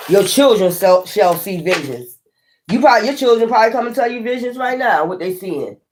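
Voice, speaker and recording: A tarot reader preaching about spiritual matters in a loose, rambling way, full of restarts and frequent swearing. The voice sits at a middling pitch and bursts into laughter between points. A faint hiss runs under the recording. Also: a little fast. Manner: profane, preachy and excitable, often laughing. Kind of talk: casual spiritual monologue.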